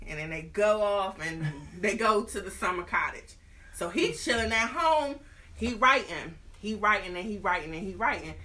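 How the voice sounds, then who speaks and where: Animated, slangy woman host. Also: medium pitch, normal speed. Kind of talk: casual storytelling.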